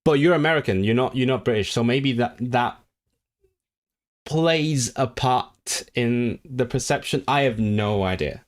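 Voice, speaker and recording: A man's voice: mid-range voice, unhurried. A man casually talking to his live-stream viewers, rambling with frequent restarts and fillers. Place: living in the North of England.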